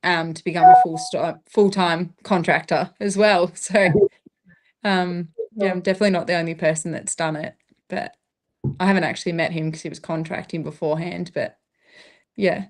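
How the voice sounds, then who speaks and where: A woman's voice: lowish voice, fairly even intonation, normal speed. An Australian woman in her thirties, a paramedic, talking reflectively in a casual interview and laughing often. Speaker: guest, paramedic.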